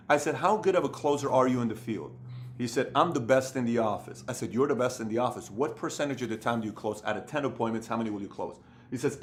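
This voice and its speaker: A man in his thirties giving a motivational business talk, emphatic and repeating key phrases for stress. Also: mid-range voice. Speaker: business coach.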